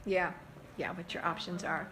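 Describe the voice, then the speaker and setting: A middle-aged woman teaching a group of parents in a lively, animated way, often acting out what parents say and laughing. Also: lowish voice, moderate pace. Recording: echoey room, faint background noise.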